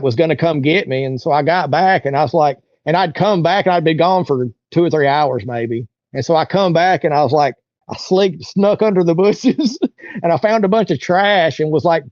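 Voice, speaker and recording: Rambling storyteller, somewhat high male voice. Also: no echo, dull audio. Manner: rambling, colloquial, acts out others' lines. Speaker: interview guest. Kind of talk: casual storytelling.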